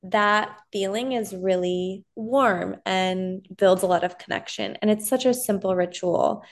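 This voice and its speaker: A woman therapist in her thirties, a guest on a podcast. She talks calmly and gently in an easy, conversational tone. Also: mid-range voice, a little slow. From Southern California. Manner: calm and gentle. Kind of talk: casual interview chat.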